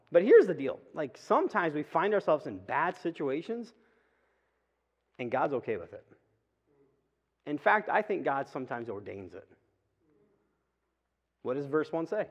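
A man giving a casual, conversational sermon in church, with quick asides. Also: fairly high pitch. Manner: chatty, acts out quick asides and voices. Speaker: preacher. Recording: reverberant hall, dull lo-fi sound.

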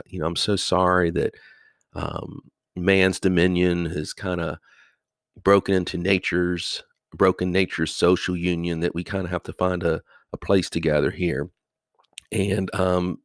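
A man hosting his own podcast as a high school teacher, talking through a poem in a rambling, conversational way with frequent pauses. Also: gravelly, no echo, clean studio sound. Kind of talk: casual podcast monologue.

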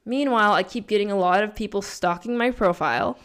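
A woman, a spiritual coach and tarot reader, telling a story in casual chat, animated and laughing, with many "like" fillers. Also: medium pitch, a little fast, clear, resonant tone.

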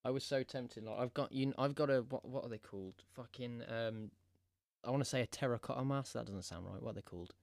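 A man's voice: medium pitch, fast talker, creaky, dry recording, clean studio sound. A man hosting a podcast in casual chat, joking, swearing a lot and rambling between thoughts. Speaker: podcast host.

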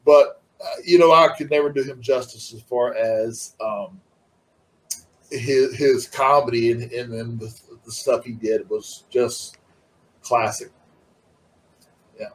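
A man's voice: medium pitch, takes it slowly, long pauses, low-quality recording. A middle-aged man talking casually as an interview guest, rambling and laid-back, with many restarts. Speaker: interview guest, former wrestler.

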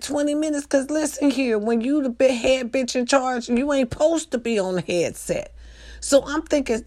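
An older woman, telling a comic story in an animated, profane way with loud bursts. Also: mid-range voice.

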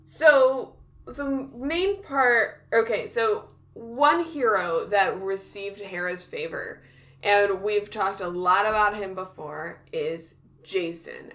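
Woman co-host, relaxed slow pace, giggly and rambling. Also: mid-range voice. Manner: chatty, laughs often, restarts sentences. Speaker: podcast co-host. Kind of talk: casual chat.

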